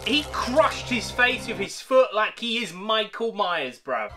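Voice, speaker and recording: Excitable man, wildly lively voice. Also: high voice, takes it slowly. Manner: excitable, swearing, laughing. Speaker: movie reactor. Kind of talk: casual reaction commentary. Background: film music playing.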